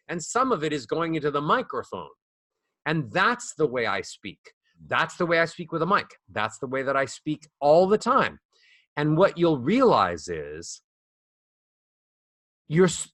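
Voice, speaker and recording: A middle-aged voice coach, interviewed on a close-up small ball microphone, speaks in a fairly bright voice on the high side. The sound is dry and studio-clean. His talk is animated and demonstrative, with volume and melody shifting to illustrate his examples.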